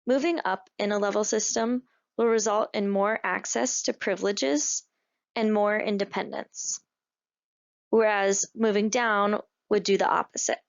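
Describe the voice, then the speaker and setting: A woman giving scripted narration for a training course in a measured, explanatory way. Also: medium pitch, fairly even intonation, gravelly. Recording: dull, lo-fi voice-over.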